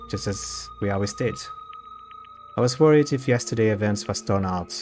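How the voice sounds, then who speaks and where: A man's voice: lowish voice, fairly quick, faint music behind. A man streaming, reading a visual novel aloud and breaking off to comment on the characters. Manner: reads along, breaking off to comment on the cast.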